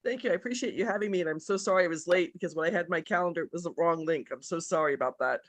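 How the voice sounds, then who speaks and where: A woman guest joining a live video interview, speaking quickly and a little apologetically, set back from her microphone. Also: fairly low pitch. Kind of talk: casual interview chat. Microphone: video call, away from the mic. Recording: distant quiet call audio.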